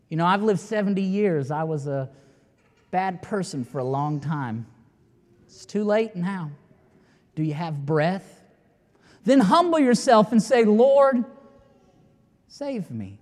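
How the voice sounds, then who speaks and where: A man preaching a sermon as pastor, emphatic and building to near-shouting, with long dramatic pauses. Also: high voice, animated. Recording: long reverb of a large hall.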